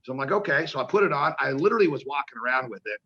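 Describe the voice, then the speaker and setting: A man's voice: mid-range voice, animated, racing, pushed and bright, highs cut off. A man, a pro wrestler, telling rambling, profane stories in a casual interview and acting out the voices of people he quotes.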